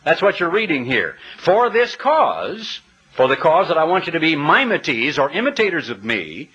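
A man's voice: a little high, huge pitch swings, normal speed, a bit bright, slightly rough, lo-fi sound. A man preaching a sermon, emphatic and full of rhetorical questions, sometimes spelling words out letter by letter.

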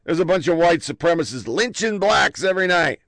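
Army vet guy ranting and cursing, pretty high voice, dead dry room. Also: brisk, dry recording. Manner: blunt, profane, animated. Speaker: army veteran recounting stories. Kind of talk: profane casual storytelling.

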